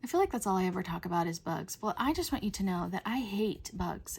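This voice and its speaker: A middle-aged woman hosting a coloring video, chatting in a rambling way and often dropping to a soft whisper. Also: mid-range voice, animated, fairly quick, vocal fry, hardly any pauses, slightly rough. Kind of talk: casual chat while coloring.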